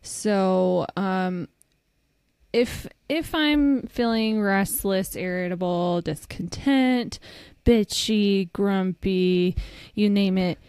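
A woman's voice: medium pitch, extremely slow, a little mellow, clear, resonant tone, dry recording. A young woman co-hosting a podcast in candid, casual chat, swearing freely and laughing often. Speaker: podcast co-host.

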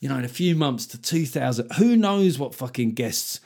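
A male podcast host with a voice at a middling pitch. He chats in a loose, jokey way and swears freely. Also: animated, normal speed, darkish tone. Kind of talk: casual chat.

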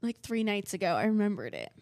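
Giggly young woman with a gravelly edge. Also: mid-range voice, sing-song, quick pace, very noisy. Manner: giggly, slips into a put-on British accent. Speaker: podcast co-host. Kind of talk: casual chat.

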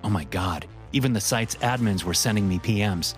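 Low-pitched male horror narrator, tense first-person telling, soft music under him. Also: moderate pace.

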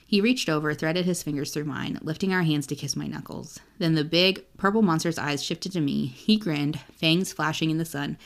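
Young woman, low voice, podcast co-host, excited, swears, reads book passages aloud. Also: normal speed, vocal fry, few pauses. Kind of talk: casual book chat.

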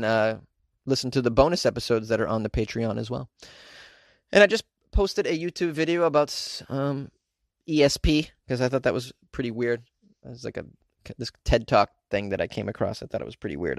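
Male podcast host, mid-pitch, joking and rambling, laughs a lot, dry close-mic sound. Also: sing-song, brisk, vocal fry, dry recording. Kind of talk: casual podcast monologue.

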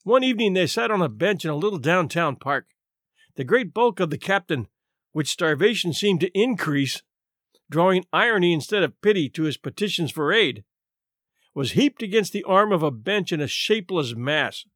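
Male narrator, animated theatrical reading, fairly high voice, dry close studio sound. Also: moderate pace, dry recording. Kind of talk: scripted narration.

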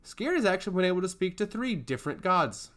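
A man's voice: sits high, big pitch swings, fast, a bit bright, pitched above the performer's own voice. A man voicing a smug, scheming male servant of a god who taunts and giggles, in a storybook reading.

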